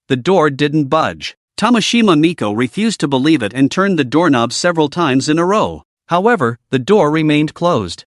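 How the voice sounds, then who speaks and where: A man giving a scripted first-person narration recapping a fantasy comic in a steady storytelling read. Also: fairly high pitch, no echo, studio quality.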